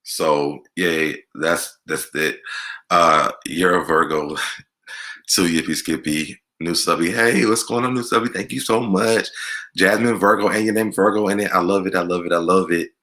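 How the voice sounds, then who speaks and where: A man's voice: low voice, steady tone, unhurried, pushed and bright. A man hosting his own channel, answering viewer questions in a candid, chatty vlog. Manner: candid, chatty, loose delivery. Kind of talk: casual Q&A vlog.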